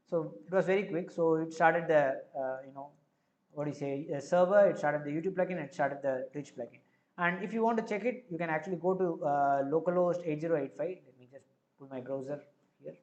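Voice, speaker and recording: A man with an Indian accent, hosting a live coding stream, who explains each step as he goes and fills pauses with frequent filler words. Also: on the high side, muffled recording.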